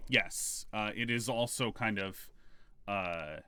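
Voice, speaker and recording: A man narrating a tabletop game as game master, in halting, filler-heavy speech. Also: fairly low pitch, bright, forceful tone, clear, resonant tone.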